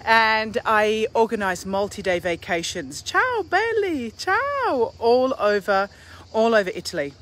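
A woman's voice: a little high, sing-song, unhurried, a bit bright. A woman from Australia with an Australian accent, a tour operator giving a live walking tour outdoors, chatting and greeting viewers by name as she walks with a handheld phone. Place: outdoors in a hill town square.

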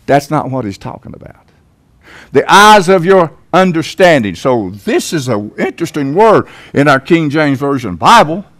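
A man's voice: a little high, sing-song, moderate pace, fairly bright tone. An older man from Tennessee with a Southern American accent, preaching a sermon as pastor in a church, folksy and emphatic with sudden swells. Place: church sanctuary.

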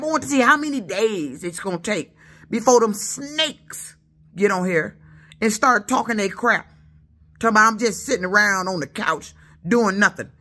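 A woman from Detroit whose speech carries a Southern lilt rants at her commenters from the couch of her apartment. Her voice is high and bright, swinging widely in pitch as she stammers, repeats herself and presses her point with indignation. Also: breathy edge. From Detroit, USA. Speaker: YouTuber. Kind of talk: angry rant at commenters.

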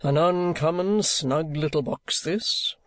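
A man voicing a pompous, blustering male stage actor with a slow, deep, theatrical drawl. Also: fairly bright tone, dry recording.

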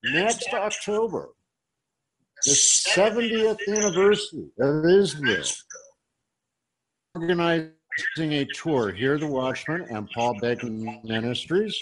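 A man's voice: a little high, lively intonation, unhurried, background noise. A man hosting a talk show, enthusiastic and stumbling over his words as he wraps up and announces events. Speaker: host.

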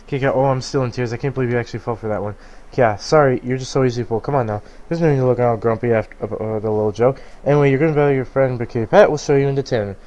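A man voicing a smug, fashion-proud male duck creature who loves pranks and teases fast, reading game dialogue aloud. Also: medium pitch, a little mellow, dull audio, natural voice. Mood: teasing. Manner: fast, smug teasing with cackling laugh.

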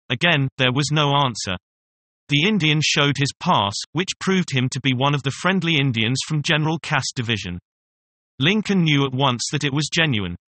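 A man reading a story aloud in a steady, measured storybook narration. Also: mid-range voice, no echo. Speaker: story reader.

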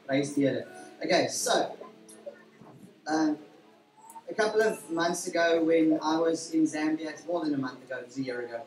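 Male pastor leading a service, rambling and full of fillers, mid-pitched voice, heard from a distance in an echoey hall. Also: moderate pace, pauses often. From South Africa. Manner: warm, rambling, with frequent fillers and self-corrections. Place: church hall during a service. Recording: roomy church hall from a distance, faint music.

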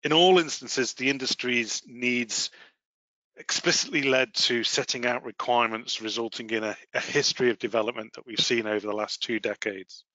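A man hosting a professional webinar, presenting in a measured, formal way with the odd filler. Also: mid-range voice, steady tone, sharp tone, no echo. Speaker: webinar host and asset management lead. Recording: slightly muffled, dry webinar audio.

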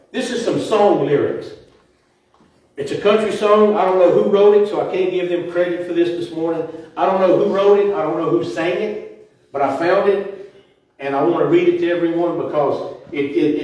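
A man giving an earnest devotional talk to a church congregation, halting now and then to restart his sentences. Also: a little high, a little mellow. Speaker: church speaker. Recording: echoey church room, mic far off.

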